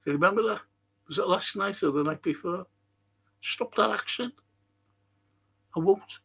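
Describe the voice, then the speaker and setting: A man's voice: high-pitched, fast talker, gravelly, husky. A man hosting a rambling solo monologue, blunt, swearing and often restarting his sentences. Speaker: host.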